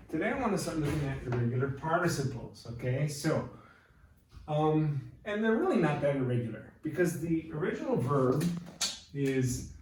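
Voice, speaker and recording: A man in middle age teaches a Spanish grammar lesson, calmly walking through each point and pausing to check understanding. He sounds set back from the mic in a very echoey room, with a faint hum of ambience underneath. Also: mid-range voice, distant mic. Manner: patient, explains step by step and checks understanding.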